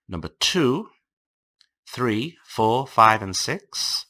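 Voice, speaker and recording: Slow, lively-voiced male English teacher. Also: low voice. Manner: slow, carefully enunciated classroom reading. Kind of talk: online lecture for language learners.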